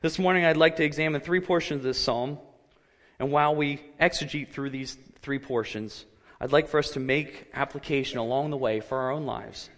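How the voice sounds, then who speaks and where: A man preaching a sermon, earnest and measured, his voice rising when he quotes cries of anguish. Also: medium pitch, a bit bright, big-room sound. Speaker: pastor.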